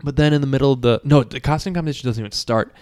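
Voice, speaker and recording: A man co-hosting a casual chat, retelling a film in a profane, animated way. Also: medium pitch, racing. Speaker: podcast co-host.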